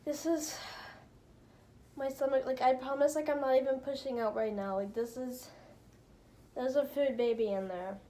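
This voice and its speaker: A young woman chats into her camera from the driver's seat, loose and profane and full of "like." Her voice sits slightly high for a woman. A faint hum of traffic runs underneath. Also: steady tone, normal speed, pauses often, mellow. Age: young adult. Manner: chatty, profane, says like a lot. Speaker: vlogger. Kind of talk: casual vlog chat. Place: in her car.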